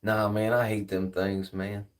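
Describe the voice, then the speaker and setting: A man's voice: lowish voice, little pitch movement, measured pace, distant mic, rough recording. A man hosting a live stream in casual chat, laid-back and slangy, swearing freely.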